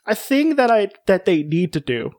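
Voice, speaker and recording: A man's voice: high voice, big pitch swings, normal speed, a little mellow, no room sound. Chatty podcast host man, dry sound. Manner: chatty, filler-heavy, joking. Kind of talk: casual chat.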